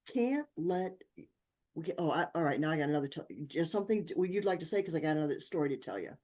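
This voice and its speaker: An older woman, a guest on a talk show, telling personal stories in casual chat, acting out the voices of people in them and laughing often. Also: quick pace. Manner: animated, acts out dialogue with big pitch jumps, laughs often. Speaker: podcast guest, author.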